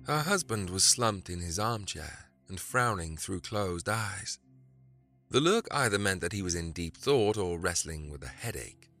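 Male storyteller, deep and gravelly, with a lively, dramatic delivery. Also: measured pace. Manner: expressive, dramatic reading. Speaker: narrator. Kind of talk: storybook narration. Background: faint music.

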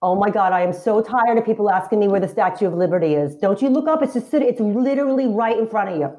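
A woman's voice: mid-range voice, lively intonation, fast, dark tone, natural voice. A woman voicing an exasperated, brash New York woman with a Long Island accent.

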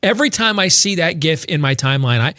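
A man with a slightly high voice talks fast as he hosts a talk show, spinning stories in casual banter. He's an animated storyteller who stammers and restarts a lot.

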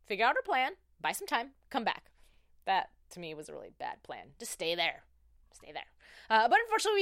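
A woman's voice: mid-range voice, a bit bright, no echo, studio quality. A woman hosting a casual recap podcast, chatty and rambling, often cutting herself off mid-thought. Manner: chatty, rambling, self-interrupting. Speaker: podcast host.

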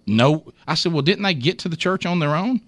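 A man's voice: a little high, animated, a little fast, dry recording. A man hosting a morning radio show, rambling through a funny story and acting out the quotes with laughter. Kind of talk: casual morning radio chat.

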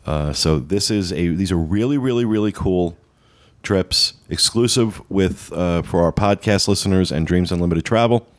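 A man's voice: low voice, normal speed. A man hosting a casual podcast, talking through news and trip plans with a loose, rambling delivery full of fillers. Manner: rambling, many uh fillers, upbeat promo talk. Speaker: podcast host.

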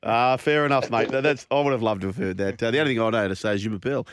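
A man hosting a sports radio show, jokey and brisk. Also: mid-range voice, smooth, no echo, clean studio sound. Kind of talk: casual sports radio chat.

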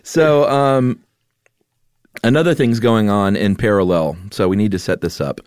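A man co-hosting a podcast, laying out events in a relaxed storytelling way with filler pauses. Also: lowish voice, clear, resonant tone, no echo, clean studio sound. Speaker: podcast co-host. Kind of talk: casual conversational storytelling.

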